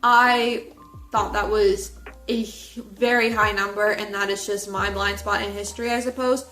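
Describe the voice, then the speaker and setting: A woman chatting casually as she reviews a book, animated and full of filler words. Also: medium pitch, normal speed, faint music behind. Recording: echoey room.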